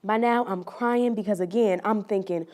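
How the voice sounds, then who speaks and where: A woman's voice: mid-range voice, normal speed, darkish tone, lightly acted. A woman performing a dramatic monologue as a young woman who tells, earnestly and confidingly, how a relationship hurt her. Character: young woman recounting a hurtful relationship, wounded but resolute.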